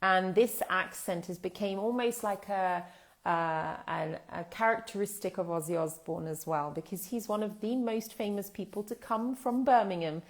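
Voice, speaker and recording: A British woman teaching English in a live online lesson, speaking in a thoughtful, explanatory way with pauses and fillers. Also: mid-range voice.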